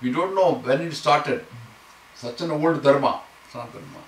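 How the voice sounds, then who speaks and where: A man teaching a scripture class, explaining Sanskrit verses word by word and chanting lines slowly. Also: fairly high pitch, gravelly. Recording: echoey room, mic far off, faint noise.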